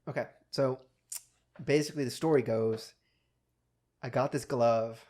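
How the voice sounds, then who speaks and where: A young man co-hosting a podcast, telling stories in a casual, profane and animated way. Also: medium pitch, unhurried. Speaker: podcast co-host. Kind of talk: casual chat.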